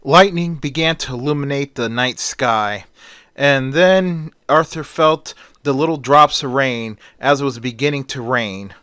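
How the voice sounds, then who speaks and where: Casual male storyteller, smooth tone, dry close sound. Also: mid-range voice, a little slow, a bit bright, no room sound. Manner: strings events with "and then".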